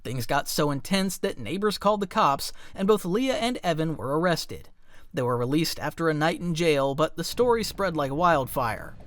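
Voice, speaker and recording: A man's voice: fairly high pitch, expressive, moderate pace, fairly bright tone, no echo, clean studio sound. A man reading a scripted documentary narration in a dramatic, emphatic way. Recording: faint music underneath.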